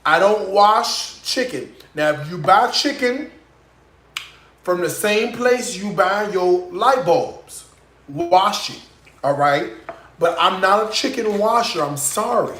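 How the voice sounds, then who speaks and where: A man's voice: high voice, lively intonation, takes it slowly, fairly bright tone. A man hosting a live cooking show, talking sassily and directly to his viewers and checking in with them often. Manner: sassy, chatty, addresses viewers directly, frequent "okay?" tags. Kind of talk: live cooking demonstration with sales pitch. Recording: echoey room with faint noise.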